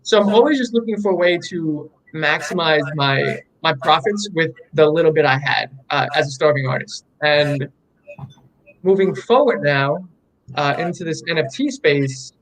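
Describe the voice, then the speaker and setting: A young man in a candid interview, telling his story with eager enthusiasm and plenty of ums and restarts. His voice sits a little higher than most men's. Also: measured pace, a bit bright, low-quality recording. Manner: enthusiastic, rambling storytelling with many fillers. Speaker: artist guest.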